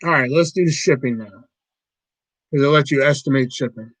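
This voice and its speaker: A man's voice: medium pitch, fairly quick, no room sound, rough recording. A man hosting a casual livestream, rambling and swearing a lot as he talks to his viewers. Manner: rambling, profane, easily riled. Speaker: livestream host.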